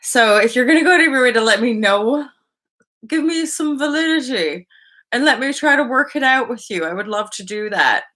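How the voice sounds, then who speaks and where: A woman's voice: fairly high pitch, expressive, moderate pace, pushed and bright. A woman hosting a live stream, chatting casually in a rambling way and greeting viewers by name.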